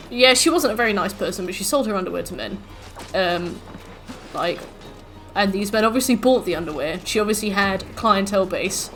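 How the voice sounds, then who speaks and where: A woman streamer chatting casually in a live stream, telling stories in an animated, rambling, profane way. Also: mid-range voice.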